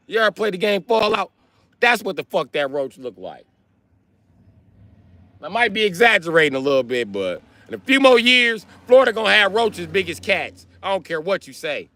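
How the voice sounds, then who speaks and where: Animated profane man telling stories. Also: normal speed, no room sound. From Illinois. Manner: animated, profane, jumps into high voices for quoted people. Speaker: livestreamer. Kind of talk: casual storytelling rant. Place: in his truck.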